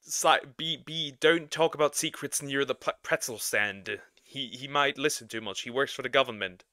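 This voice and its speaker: A man's voice: mid-range voice, moderate pace, bright, forceful tone, no echo, studio quality. A man casually commenting on a cartoon he is watching, rambling and self-interrupting with frequent laughter. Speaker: reaction video host.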